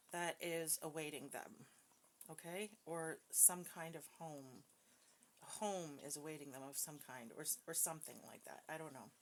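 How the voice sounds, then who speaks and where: Chatty, hesitant woman doing a psychic reading. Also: sits low. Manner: chatty and hesitant, with many fillers and frequent laughs. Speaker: psychic reader. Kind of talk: casual spoken reading with a recited prayer. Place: home with dogs nearby.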